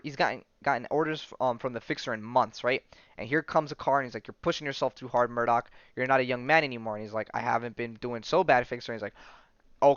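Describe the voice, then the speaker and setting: A man's voice: medium pitch, clear, resonant tone, dry recording, dull audio. Man casually recapping a comic book. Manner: relaxed, rambling, many fillers and self-corrections. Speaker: podcast host.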